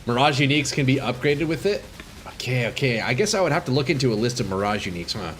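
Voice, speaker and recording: A man streaming a game live, chatting casually with viewers, excitable and swearing, sniffling from a runny nose. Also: medium pitch, quick pace, slight background noise. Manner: excitable, swears, calls chat "bro" and "dude". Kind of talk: casual live gameplay chat.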